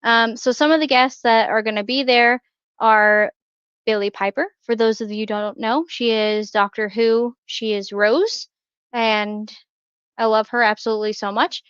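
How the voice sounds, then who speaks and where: Chatty woman host, smooth dry voice. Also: a little high, unhurried, fairly bright tone, no echo, dull audio. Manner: chatty, many fillers and restarts, laughs often. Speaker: podcast co-host. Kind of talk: casual chat.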